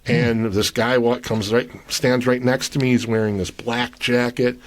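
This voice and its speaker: Animated Midwestern man telling a bar story. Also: medium pitch, unhurried. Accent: Midwestern American. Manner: animated, profane, acts out voices in anecdotes. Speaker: pub owner guest. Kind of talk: casual storytelling.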